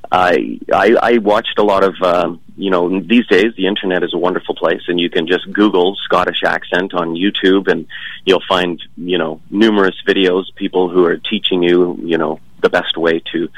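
A man's voice: low voice, a bit bright, no room sound, low-quality recording. A man being interviewed about his stage work, speaking casually with many fillers and restarts.

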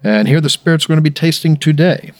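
A man's voice: on the high side, fast, no room sound. Joking man hosting a tasting show. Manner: joking, reads sponsor spots. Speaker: show host. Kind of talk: casual podcast hosting.

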